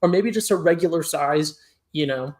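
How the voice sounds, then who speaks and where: A man co-hosting a podcast, ranting in an animated, exasperated way during a casual food-ranking chat. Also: fairly high pitch, moderate pace. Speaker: podcast co-host.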